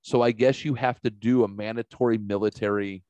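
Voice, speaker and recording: A man hosting a casual podcast, telling stories in a lively, profane way and acting out the quotes. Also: lowish voice, brisk, no echo. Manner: animated, profane, acts out quotes. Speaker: podcast host. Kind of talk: casual storytelling chat.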